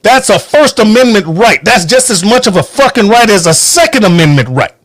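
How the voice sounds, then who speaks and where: A man's voice: high-pitched, lively intonation, fairly quick, a bit bright, no echo, clean studio sound. A man hosting a podcast, giving a heated, profane, emphatic political rant from home. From United States. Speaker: podcast host. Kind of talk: angry political monologue.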